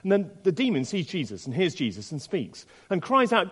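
A man preaching a sermon in an expressive way, asking the listeners many rhetorical questions. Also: high-pitched, brisk, hardly any pauses, husky. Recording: long reverb in a large hall.

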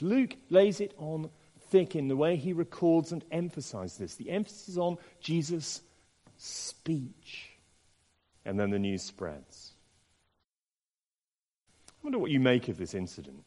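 Male preacher, slightly high voice with a very animated delivery, long hall reverb. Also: unhurried, pauses often. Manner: expressive, with many rhetorical questions. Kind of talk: sermon.

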